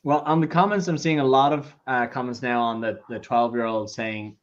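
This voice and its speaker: Man, tasting-club host, conversational anecdotes, mid pitch, muffled lo-fi audio. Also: steady tone, normal speed. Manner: chatty anecdotes, acts out quoted people. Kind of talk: casual chat, livestream tasting. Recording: dull lo-fi sound.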